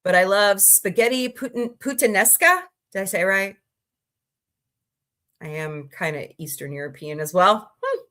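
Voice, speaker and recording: A woman in her forties from Missouri hosts a casual livestream with a bright, clear voice. She talks in a loose, rambling way, greeting viewers and reacting to chat. Her pitch sits in an ordinary middle range. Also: lively intonation, normal speed. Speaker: livestream host.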